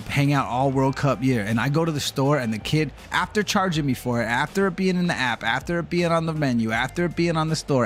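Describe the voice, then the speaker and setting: A man streaming a football video game, chatting casually and telling a heated story with plenty of swearing. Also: mid-range voice. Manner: animated ranting storyteller, swears freely. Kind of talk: casual live-stream chat.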